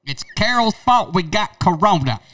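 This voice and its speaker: A man's voice: sits high, lively intonation, normal speed, a bit bright, no room sound, recorded from a distance. A man co-hosting a casual podcast chat, brash and joking, swearing often. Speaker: podcast co-host.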